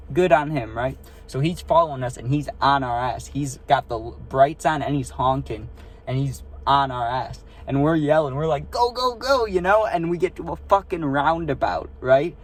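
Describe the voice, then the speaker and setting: A man's voice: medium pitch, moderate pace. Young man telling a rambling story. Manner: rambling, profane, filler-heavy, asks listener "right?". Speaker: storytime vlogger. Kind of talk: casual storytelling. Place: parked car.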